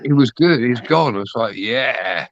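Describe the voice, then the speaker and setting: Background noise sits under this live stream host's mid-range voice, which is animated and a little slow. Chatting casually, he tells stories, swears freely and acts out the people he quotes, all in dull, dry lo-fi sound.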